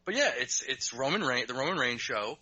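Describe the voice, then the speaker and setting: Bright-voiced man in casual podcast chat. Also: mid-range voice, sing-song, a little fast, no room sound, muffled recording. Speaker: podcast co-host. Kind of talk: casual wrestling talk.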